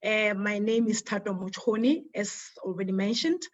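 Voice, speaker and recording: A woman from Lesotho giving a conference talk over an online call, measured and formal. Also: medium pitch. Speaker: conference speaker. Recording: dull lo-fi sound.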